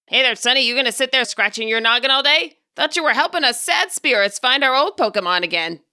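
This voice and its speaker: Grumpy old male spirit, gruff and blunt, voiced by a woman, animated delivery. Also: sits high, fairly quick, pitched above the performer's own voice, heavily acted. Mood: grumbling. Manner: huffy, scolding.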